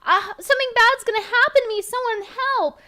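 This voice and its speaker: Woman mocking a shrill panicky lady. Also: fairly quick, bright, forceful tone. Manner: mocking, exaggerated.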